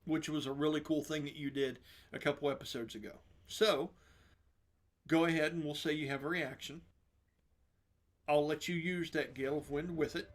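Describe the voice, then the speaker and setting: A man running a tabletop game as game master, narrating the action in a lively, descriptive way and laughing often. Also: fairly high pitch, normal speed.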